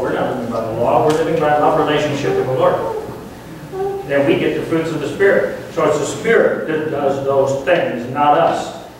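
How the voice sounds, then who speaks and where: A man's voice: fairly high pitch, distant mic, slight background noise. Fervent man preaching, very echoey church. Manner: earnest, emphatic, grows fervent. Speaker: guest preacher. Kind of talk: sermon. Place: church sanctuary.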